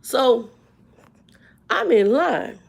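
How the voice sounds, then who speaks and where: A woman in her fifties telling a story on a live stream in a folksy, plain-spoken way, swinging from loud outbursts to hushed asides. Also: high-pitched, sing-song, extremely slow, creaky, husky. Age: 50s.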